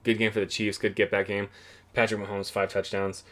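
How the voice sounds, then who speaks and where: A young man recapping the week's games on his own podcast, talking loosely and cursing freely. His voice sits a little on the low side, and he drifts through his thoughts with fillers and restarts. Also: little pitch movement, a little fast, a bit bright. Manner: rambling, profane, offhand. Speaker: podcast host. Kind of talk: casual solo football podcast recap.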